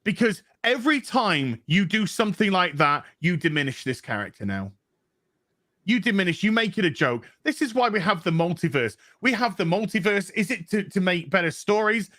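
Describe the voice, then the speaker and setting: Male co-host, high bright voice, heated sweary rant. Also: moderate pace, no room sound. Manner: profane and animated, mocking voices of others. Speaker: comic book show co-host. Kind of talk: heated opinion rant on a livestream panel.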